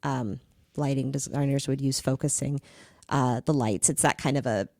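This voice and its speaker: A woman's voice: very deep voice, fairly even intonation, normal speed, a little mellow, no echo, clean studio sound. A middle-aged woman, a dance instructor, explaining with enthusiasm and everyday comparisons in casual conversation.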